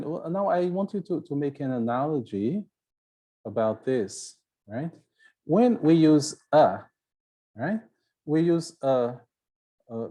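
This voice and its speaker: A man's voice: medium pitch, mellow. A man with a Brazilian Portuguese accent, a native Portuguese speaker, teaching an English video lesson and often checking in with "right?" and "okay?". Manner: explaining slowly, with frequent "right?" and "okay?" checks.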